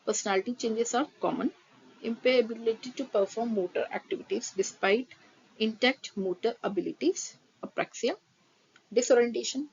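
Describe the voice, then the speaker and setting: A woman giving a nursing exam-prep lecture. She reads terms steadily from her notes, then quickly re-explains them in a mix of Hindi and English. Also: fairly high pitch, gravelly, darkish tone, slightly rough. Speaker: nursing teacher. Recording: slightly dull audio with faint noise.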